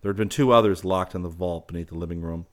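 Deep voice guy reading an audiobook, steady and measured. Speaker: audiobook narrator.

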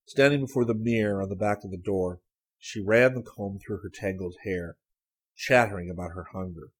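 A man narrating a story for an audiobook in a measured, even way. His voice sits low and carries a husky grain throughout. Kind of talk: scripted narration.

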